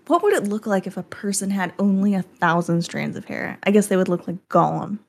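A woman's voice: mid-range voice, fairly quick, gravelly. A woman hosting a casual chat, playful and enthusiastic, swearing freely.

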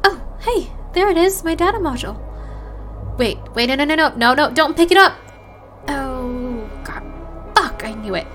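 A woman's voice: sits high, big pitch swings, normal speed, a bit bright, faint music behind. A young woman voicing a feisty hacker girlfriend with an elf avatar, swearing and bantering with laughs in a listener-addressed audio role-play. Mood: panicked. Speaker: voice actor.

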